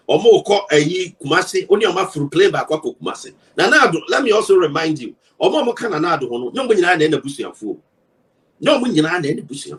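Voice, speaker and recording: A Ghanaian man, a broadcaster, giving forceful political commentary, firing rhetorical questions and mixing English and Twi. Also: high-pitched, far from the mic, poor audio.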